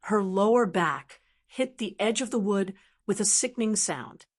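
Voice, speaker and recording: A woman's voice: medium pitch, lively intonation, measured pace. A woman reading a first-person story aloud in a tense, dramatic narrating manner.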